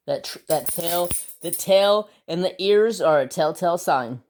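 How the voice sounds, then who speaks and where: A man's voice: sits high, lively intonation, measured pace, faint music behind. A man hosting a casual craft vlog, rambling about his day and cooing baby talk at his pets. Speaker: craft channel host.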